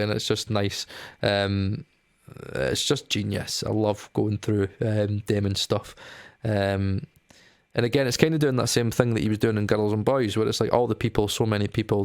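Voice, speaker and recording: A man's voice: lowish voice, no echo. A young man vlogging about music in a casual, rambling way, with many ums and restarts. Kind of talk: casual talk to camera.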